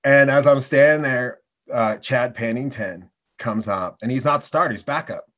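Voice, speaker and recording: A man hosting a casual chat, telling quick, excited anecdotes. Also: medium pitch.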